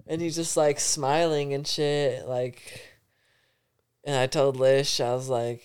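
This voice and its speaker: Swearing young man with a smooth voice. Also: medium pitch, steady tone, a little slow, darkish tone. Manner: rambling, heavy swearing, laughs often. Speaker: podcast guest. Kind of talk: casual storytelling.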